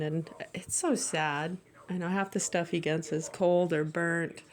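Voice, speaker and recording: A woman with a low, deep-set voice talks on in a loose, rambling monologue. She sounds aggrieved and swears freely, circling back over her words with hesitant restarts. She is middle-aged and speaks as a mother venting.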